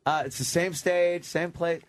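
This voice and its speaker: A man's voice: fairly high pitch, fairly even intonation, measured pace, a little hiss or hum. Laid-back male radio host. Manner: loose, profane, laid-back talk. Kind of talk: casual radio chat. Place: radio studio.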